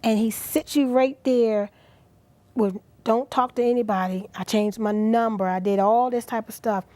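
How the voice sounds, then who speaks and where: Middle-aged woman, talk show guest, fairly high voice, earnest and animated, dry close sound. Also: unhurried, dry recording. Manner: earnest, animated, drops to soft near-whispers at emotional moments. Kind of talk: inspirational talk show interview.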